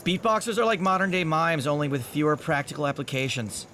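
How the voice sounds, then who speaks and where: A man's voice: on the high side, animated, fast, pushed and bright, soft background music. A man doing wisecracking color commentary with dry, sarcastic quips.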